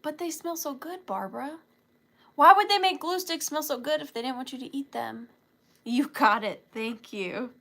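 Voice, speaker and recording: A woman's voice: high voice, normal speed, fairly bright tone. A woman hosting a live online sale, chatting casually with viewers in a giggly, joking way. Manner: chatty and giggly, jokey asides.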